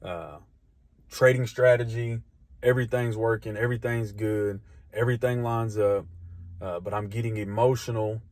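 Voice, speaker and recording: A man with a lowish voice talks candidly to camera in a casual vlog, often restarting his sentences. The recording is close and dry, with no room sound. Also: steady tone, normal speed, darkish tone, dry recording. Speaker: trader documenting his journey.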